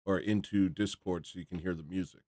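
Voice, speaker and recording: A man hosts a casual livestream in a lowish voice, recorded dry and close. He talks bluntly, often in an indignant tone, and rambles from one thought to the next. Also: fairly even intonation, a little fast, warm tone, no echo. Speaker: livestream host.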